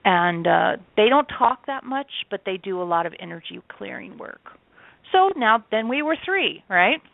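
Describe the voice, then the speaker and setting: Over a dry, tinny phone line, a woman, a channeler and author, is a guest in a casual interview. Her voice is medium-pitched, sing-song, and gravelly at normal speed with no echo, and she chats enthusiastically with frequent restarts.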